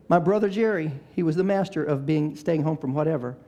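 An older man with a high voice delivers a sermon. He climbs into shouted, fervent appeals, then eases down into soft, conversational stories about his family. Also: brisk. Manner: preaching that swells to shouting, then drops into soft storytelling. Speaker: pastor. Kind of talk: sermon with storytelling.

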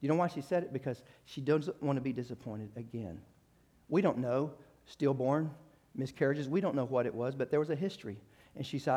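A man preaching a sermon, retelling a story with acted quotes and frequent restarts, moving from loud rising exhortation to quiet conversational asides. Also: medium pitch, lively intonation, a little fast.

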